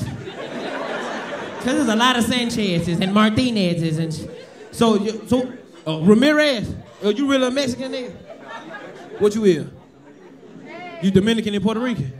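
A man with a Southern US accent doing loud, profane stand-up crowd work, roasting the audience from a club stage. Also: extremely high pitch. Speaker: stand-up comedian. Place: comedy club ballroom on stage. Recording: live club crowd laughter and noise. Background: audience laughter.

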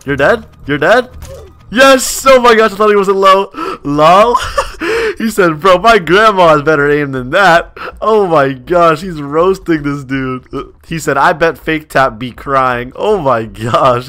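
A man with a bright, forceful, fairly high voice commentating his own gameplay as it happens. He talks in quick, excitable bursts and often repeats the same phrase several times. He laughs often as he reacts to his chat. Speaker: gaming YouTuber.

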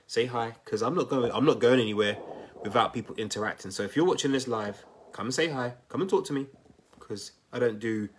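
A man with a fairly low voice runs a live coaching session and talks right to his audience. His delivery is chatty and energetic, studded with quick check-ins like "right?" and "okay?". He sounds like a coach who keeps his viewers talking back. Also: husky. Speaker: weight loss coach. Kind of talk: live-stream coaching talk.

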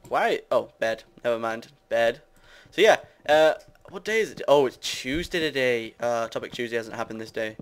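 A young man from the UK with a British accent talks his way through a building game, rambling and teasing his viewers. His voice sits at an ordinary middle pitch. Keyboard typing can be heard behind him. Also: expressive, normal speed. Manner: rambling, self-mocking, chatty with viewers. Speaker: gamer. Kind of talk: casual Let's Play commentary.

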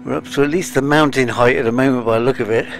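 Speaking quickly in a medium-pitched voice with vocal fry, a male game streamer delivers casual let's-play commentary. He's chatty, sighs, talks to himself and sounds somewhat out of breath, with faint game music behind.

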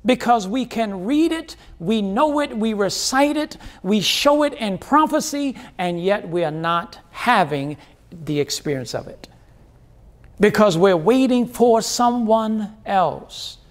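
High-voiced preaching pastor, man. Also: animated, slow pace. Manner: preaching with repeated phrases and rhetorical questions. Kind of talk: sermon.

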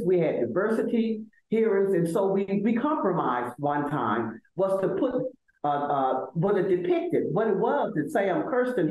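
An older woman from Selma, Alabama with a Southern accent, speaking as a guest in an interview, animated and emphatic, often repeating words as she builds a point. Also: lowish voice. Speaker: law school administrator, guest. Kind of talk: conversational interview. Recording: echoey room.

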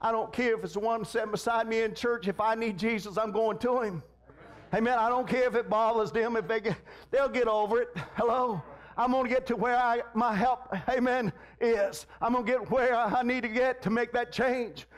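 A man's voice: extremely high pitch, steady tone, normal speed. A man preaching a fervent sermon, peppering his lines with amens and repeated call-outs to the congregation. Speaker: pastor.

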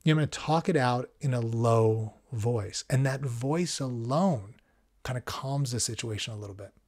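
A man, hosting a podcast in a calm, conversational, reflective monologue. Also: medium pitch, moderate pace. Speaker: podcast host.

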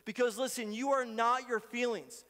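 Male pastor, high-pitched, earnest sermon voice, hall reverb. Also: steady tone, normal speed. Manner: earnest, shifts between quiet prayers and loud pleading. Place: church sanctuary.

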